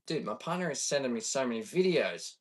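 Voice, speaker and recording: Casual guy streaming, mid-pitched, chatty and quick to laugh, picked up from back off the mic. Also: big pitch swings, far from the mic, a little hiss or hum. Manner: chatty, reacting to chat, laughs easily. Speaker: livestreamer. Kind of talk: casual live-stream chat.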